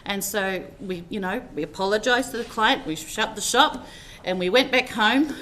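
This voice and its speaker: A woman's voice: mid-range voice, normal speed, a bit bright, slight background noise. A woman telling personal stories in a heartfelt, rambling eulogy, with many fillers as she speaks. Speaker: family member giving a tribute at a funeral service.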